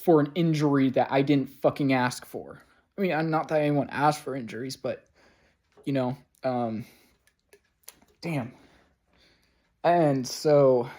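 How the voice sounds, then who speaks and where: A young man talks straight into a camera in a room at home, rambling through a long, frustrated story. He swears often and leans on fillers. Now and then he breaks into loud, sarcastic outbursts. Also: mid-range voice. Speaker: vlogger. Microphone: camera mic.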